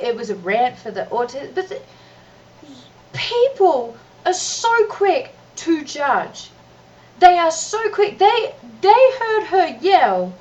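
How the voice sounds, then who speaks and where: A mother ranting to her vlog camera, exasperated and emphatic, often restarting her sentences. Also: sits high. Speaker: mother and vlogger. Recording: distant, dull lo-fi recording with faint noise.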